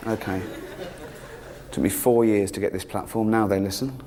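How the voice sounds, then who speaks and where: A man doing a stand-up routine, sardonic and mocking, often jumping up into a high, exasperated pitch. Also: fairly even intonation, moderate pace, a loud crowd, heavy background noise. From England. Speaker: stand-up comedian. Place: theatre stage with live audience.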